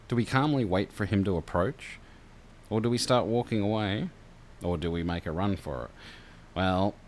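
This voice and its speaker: A man with a low voice narrates a story game on his stream. He drifts between reading and loose chat with viewers, with plenty of hesitant fillers, and a faint hum sits behind him. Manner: relaxed, chatty, hesitant with fillers.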